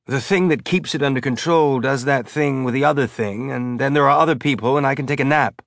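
Audiobook: man playing a sick, mumbling captain, halting and vague, dry. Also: mid-range voice, creaky, fairly bright tone, no room sound. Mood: weary. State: sounds drunk or sick. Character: weary sick male ship captain, rambling.

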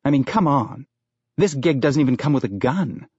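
A man's voice: medium pitch, expressive, normal speed, darkish tone, breathy edge, dry recording, lo-fi sound, voice pushed up. A man voicing a thin, weedy male office manager who sounds apologetic and placating.

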